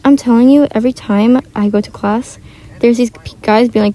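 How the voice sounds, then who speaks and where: A teenage girl vlogging her gaming session speaks in a slightly high, warm voice with fairly even intonation and a moderate pace. She rambles casually with lots of fillers; the poor audio was captured on wireless earbuds in a shared bedroom.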